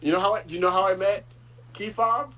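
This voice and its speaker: A man hosting a casual chat, talking in a rambling, warm-hearted way with frequent chuckles. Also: high voice, fairly even intonation, fast talker, rough recording. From Florida. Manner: rambling, chuckles often, fillers. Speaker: host.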